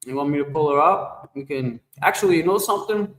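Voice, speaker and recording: A man's voice: fairly high pitch, expressive, a little fast, fairly bright tone. A man livestreaming and chatting casually with viewers, rambling and joking as he talks back to the chat. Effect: shower-like echo effect. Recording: echoey reverb effect on voice.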